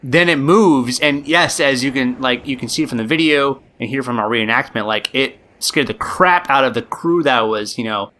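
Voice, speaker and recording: A man's voice: medium pitch, normal speed, hardly any pauses, sharp tone. A man hosting a podcast, telling a story casually with lots of likes and ums. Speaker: podcast host.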